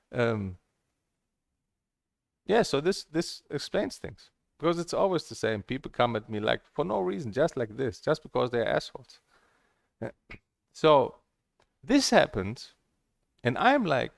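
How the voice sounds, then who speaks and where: A man's voice: mid-range voice, gravelly, no room sound, studio quality. A man vlogging about a table tennis game in a heated, blunt and profane monologue, often repeating himself and restarting phrases. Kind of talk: casual ranting monologue.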